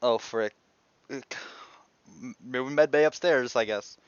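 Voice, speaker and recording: A man's voice: medium pitch, takes it slowly, smooth, dry recording, muffled recording. A man playing in a tabletop game, hesitant and stumbling, laughing often. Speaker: player. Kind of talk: casual tabletop game chat.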